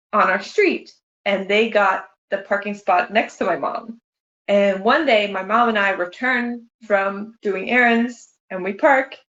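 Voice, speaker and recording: A woman's medium-pitched, slightly bright voice recounts comical family anecdotes to her mother, with plenty of laughter in this casual sharing of memories. The recording sounds dull and echoey.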